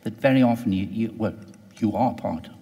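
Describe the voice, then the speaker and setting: A man's voice: lowish voice, normal speed, dark tone. Reflective male interviewer in a reverberant space. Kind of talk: thoughtful radio interview.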